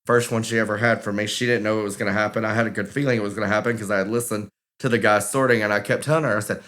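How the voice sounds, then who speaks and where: Brief: man, podcast co-host, bright animated storyteller who acts out the quotes. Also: lowish voice, very fast, hardly any pauses. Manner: animated, acts out quoted voices, laughs while telling. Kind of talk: casual storytelling.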